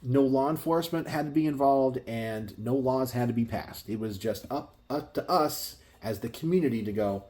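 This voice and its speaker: A man's voice: mid-range voice, moderate pace, few pauses, darkish tone. Exasperated man ranting in his garage. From Texas. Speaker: gun channel host. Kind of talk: casual talk to camera. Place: home garage.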